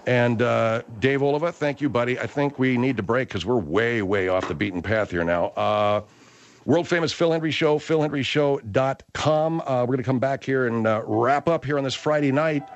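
A man's voice: medium pitch, normal speed, lo-fi sound. A man hosting a comic radio talk show, sardonic and argumentative with his callers.

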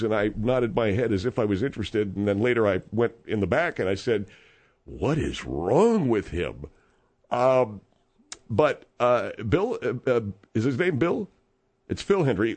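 A man's voice: mid-range voice, darkish tone, close to an everyday voice. A man playing a rambling, self-important steakhouse owner in a radio comedy monologue. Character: boastful older male steakhouse owner, rambling.

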